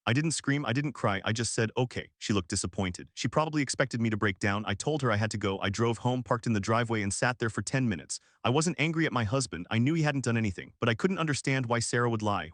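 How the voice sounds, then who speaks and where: A man reading a first-person story aloud in a calm, slow, even scripted narration meant for listeners falling asleep. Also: mid-range voice, dry recording, clean studio sound.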